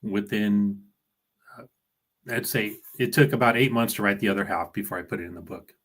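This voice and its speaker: A man who is a guest on a casual livestream, talking in a relaxed, halting way with plenty of fillers. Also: fairly low pitch. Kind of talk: casual conversation.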